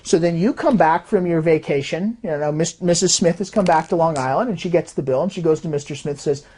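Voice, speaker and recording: A woman who designs fraud detection systems explains in an animated way and acts out quoted voices as she goes. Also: low-pitched, fairly quick. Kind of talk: explanatory talk.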